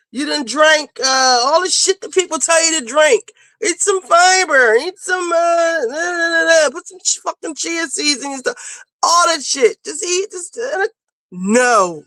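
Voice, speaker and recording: A woman's voice: sits high, sharp tone, dry recording. A woman panelist in casual chat, talking bluntly and rambling with plenty of swearing. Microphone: video call.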